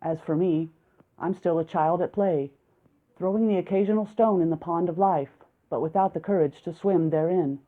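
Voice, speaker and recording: A woman with a lowish voice reads a first-person story aloud, steady and reflective. The recording is narrow and tinny, like a phone line. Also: moderate pace. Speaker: audiobook narrator. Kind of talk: audiobook narration of a first-person male narrator.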